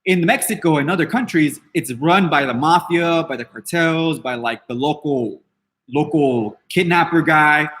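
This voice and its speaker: A man's voice: on the high side, moderate pace, a bit bright. A man hosting a podcast, ranting casually in a brash, defiant way, swearing freely and rambling with many restarts. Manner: dismissive and defiant. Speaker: podcast host. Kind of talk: casual unscripted rant.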